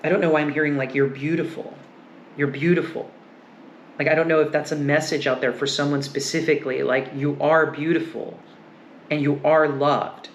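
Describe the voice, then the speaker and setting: Guy doing a tarot reading, kinda high voice, rambly and thinking out loud, roomy echo. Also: level tone, fairly quick. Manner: musing, meandering, frequent fillers. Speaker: tarot reader. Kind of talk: casual tarot reading and discussion. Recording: echoey room with faint noise.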